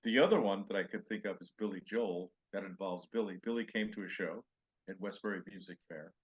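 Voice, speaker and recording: A man's voice: sits low, fairly quick, breathy edge, dull audio. An older male comedian telling road stories in a podcast interview, acting out other people's lines in raised voices. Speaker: comedian guest.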